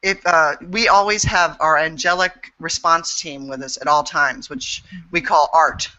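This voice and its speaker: A woman's voice: sits low, steady tone, measured pace, pushed and bright, dull audio. A woman speaking as an interview guest and intuitive healer, frank and earnest, swearing freely as she talks. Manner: earnest and emphatic. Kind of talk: candid interview talk.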